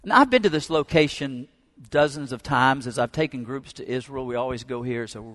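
A middle-aged pastor preaching a sermon, telling stories with fervor. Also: male voice, mid-range voice, a little fast, fairly bright tone. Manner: storytelling, fervent preacher. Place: church sanctuary.

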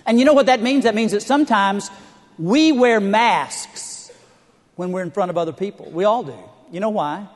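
A man's voice: high voice, quick pace, few pauses, long reverb tail. A middle-aged male pastor preaching a sermon, telling stories with humor and building to emphatic points. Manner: storytelling with humor, rising emphatic delivery.

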